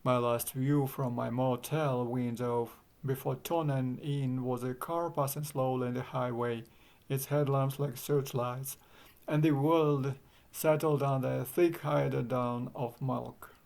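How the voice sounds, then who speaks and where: Male narrator, audiobook reading, wry, dry humor, gravelly voice, mid pitch. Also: steady tone, a little slow, a little mellow.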